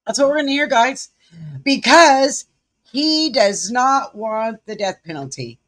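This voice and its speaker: Slow-talking Southern woman livestream host. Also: fairly high pitch, animated, fairly bright tone. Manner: chatty, folksy, addresses viewers as y'all. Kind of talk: casual live commentary. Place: home.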